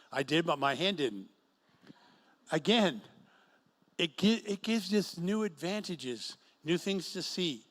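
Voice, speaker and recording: A man's voice: fairly high pitch, expressive, slow pace, long pauses, a bit bright. A middle-aged man preaching a sermon to a singles group in an event room, telling stories and acting out quotes. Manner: storytelling with acted quotes. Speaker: pastor.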